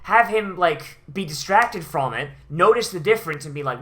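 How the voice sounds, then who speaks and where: Brief: bright-toned anime reviewer, profane, fed up, heavy sighs. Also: mid-range voice, expressive, normal speed, few pauses. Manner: profane, exasperated, sighing. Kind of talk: ranting watch-along commentary.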